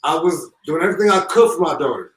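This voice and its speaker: A grieving father speaking through tears, halting and repeating himself with deep emotion. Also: expressive. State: holding back tears. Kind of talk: emotional live call-in. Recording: echoey call from far off.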